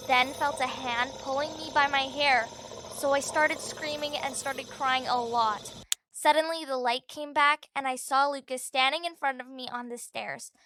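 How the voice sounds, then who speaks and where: Woman telling a story, high bright voice, dramatic, dry close sound. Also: dry recording. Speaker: narrator. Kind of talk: scripted story narration.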